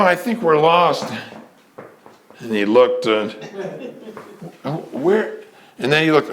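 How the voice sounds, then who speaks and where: A man telling a theater anecdote in a lively way, acting out what people said and stalling with fillers as he hunts for names. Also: medium pitch, slight background noise. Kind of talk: anecdotal storytelling.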